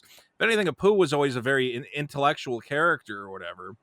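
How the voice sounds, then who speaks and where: A man's voice: mid-range voice, quick pace, dry recording, studio quality. A man, a comedian, talking casually as an interview guest and animatedly acting out quotes. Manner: animated, jumps into quoted voices.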